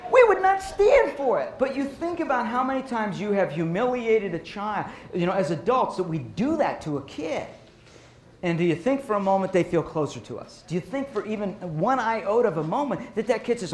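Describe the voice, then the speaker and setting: High-voiced animated male speaker, roomy hall. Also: normal speed, a little hiss or hum. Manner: lively storyteller acting out teachers and kids. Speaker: speaker on child behavior for educators. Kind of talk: recorded professional development talk. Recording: roomy echo.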